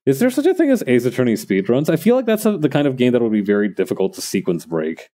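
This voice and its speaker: A man's voice: medium pitch, sing-song, quick pace, warm tone. A man streaming while he crafts, chatting casually and thinking aloud to his viewers in a rambling way.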